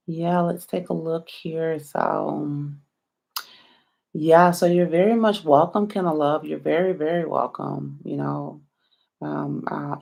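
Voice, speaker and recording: Sleepy tarot lady live at 2am, lots of um and you know, gravelly voice. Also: low-pitched, a little mellow. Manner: rambling, filler-heavy, answers viewers one by one. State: sleepy and yawning. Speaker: tarot reader hosting a live stream. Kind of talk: late-night live stream chat.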